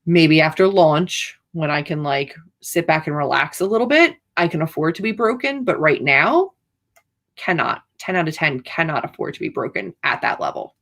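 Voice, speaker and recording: A woman's voice: deep voice, very animated, moderate pace, a bit bright. A woman author hosting a livestream, chatting casually in a rambling, playfully dramatic way. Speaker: author hosting writing sprints.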